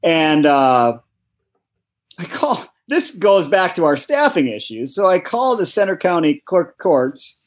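A man's voice: fairly high pitch, big pitch swings, unhurried. A man co-hosting a casual podcast, drifting from tangent to tangent. His voice rises and falls a lot as he tells his stories. He swears often and sounds baffled. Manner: rambling storyteller, swearing in disbelief. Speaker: podcast co-host. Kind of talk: casual chat.

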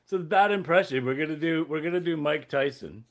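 A man's voice: fairly high pitch, fairly quick. A man hosting a casual podcast chat, goofy and prone to laughing. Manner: laughs a lot, goofy and animated. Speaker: podcast host.

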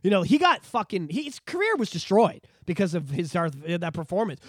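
Man in his thirties, high voice, very lively swings in pitch, profane ranting, dry close sound. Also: brisk, hardly any pauses, dry recording. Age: 30s. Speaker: podcast co-host. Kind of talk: casual podcast chat.

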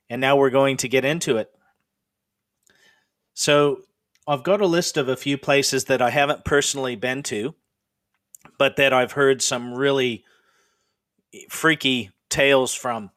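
A man's voice: mid-range voice, a bit bright, dry recording, studio quality. Chatty middle-aged man telling ghost stories. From Pacific Northwest. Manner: chatty, rambling, with frequent fillers. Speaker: podcast host. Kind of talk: casual ghost storytelling.

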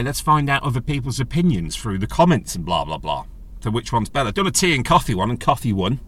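A man hosts his own podcast in a loose, rambling chat full of jokes and asides. His pitch is of middling height but swings widely as he talks. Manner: rambling, chatty and jokey, with animated pitch jumps. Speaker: podcast host. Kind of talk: casual solo podcast chat.

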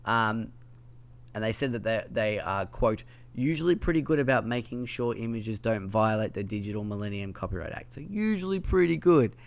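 Low gravelly guy with a lisp, rambly podcast host, lots of ums. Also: moderate pace. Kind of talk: casual gaming news chat.

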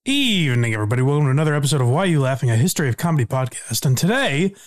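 A man's voice: mid-range voice, very animated, very fast. A man hosting a podcast in a casual, reflective, conversational way. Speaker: podcast host. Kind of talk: casual chat.

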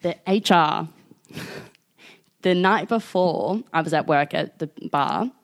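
Aussie girl with a low voice, chatty, acts out every quote. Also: slow pace. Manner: animated storytelling, acts out quotes, swears freely. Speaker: podcast co-host. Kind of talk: casual chat.

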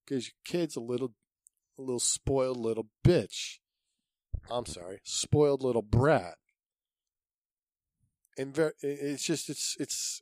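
A man's voice: mid-range voice, a little slow, pauses often, a little mellow, no room sound. A man with an American accent hosting his own podcast, delivering a blunt, profane solo rant in a repetitive, punchy way. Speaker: podcast host.

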